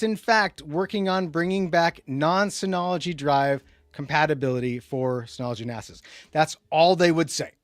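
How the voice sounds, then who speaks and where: A man hosting a casual tech livestream. He rambles and restarts a lot, jumping between loud emphatic bursts and low muttered asides. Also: no echo, clean studio sound. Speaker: livestream host.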